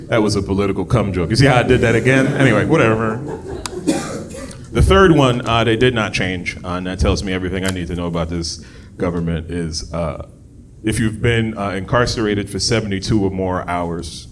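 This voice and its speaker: A man doing a stand-up comedy set on a club stage, jumping from low muttered asides to loud, high shouted bits. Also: fairly quick, very noisy. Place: comedy club stage before a live audience. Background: audience laughter.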